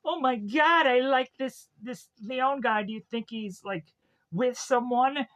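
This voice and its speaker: A giddy young woman, gushing and breathless as she swoons over a man, put on by a male streamer. Her voice jumps high and sounds thin and bright. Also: a little slow, muffled recording. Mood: swooning.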